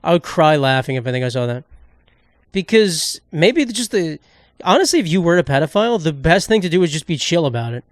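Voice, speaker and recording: A man's voice: on the high side, big pitch swings, a little fast, no echo, studio quality. A man hosting a solo podcast, ranting in a rambling, sarcastic, profane way and cutting himself off mid-thought. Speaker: podcast host.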